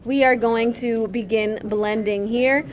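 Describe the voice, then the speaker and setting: Woman art teacher, slightly high voice, gentle chatty walkthrough of a painting demo in a classroom. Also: fairly even intonation, slow pace. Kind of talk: painting demonstration.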